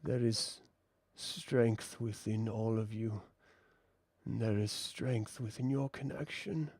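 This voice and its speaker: A man voicing a deep, breathy, fatherly swamp spirit in a whispered role-play. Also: fairly even intonation, takes it slowly, a little mellow, dry recording, full character voice. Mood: tender.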